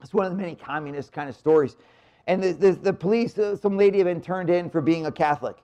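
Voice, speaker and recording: A priest giving a live marriage retreat talk in a church room, conversational and energetic, shifting from quick punchy lines to slow quiet emphasis. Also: male voice, sits high, lo-fi sound. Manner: energetic, conversational preacher with sudden drops to quiet. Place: church room near the Blessed Sacrament.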